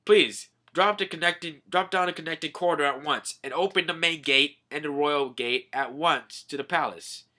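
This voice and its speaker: A man's voice: on the high side, normal speed, few pauses, sharp tone, voice pushed up. A man voicing a formal, earnest young male prince speaking politely.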